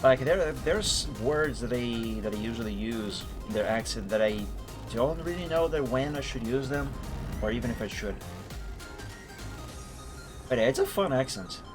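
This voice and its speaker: This man's medium-pitched voice is expressive and moves at normal speed as he streams a driving game with music underneath. His casual commentary wanders, with chuckles and mid-sentence self-corrections.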